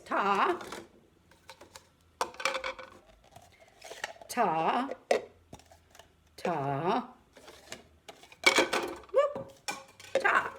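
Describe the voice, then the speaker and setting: Over a camera mic in a room with a keyboard, a woman with a medium-pitched voice teaches children a music lesson, and the recording is very noisy. She counts and chants rhythm syllables slowly and patiently.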